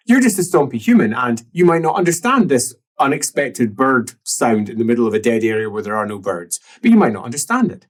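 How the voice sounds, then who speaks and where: A man narrating a tabletop role-playing game as game master, in a musing way that drops to soft murmurs. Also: medium pitch, slightly rough.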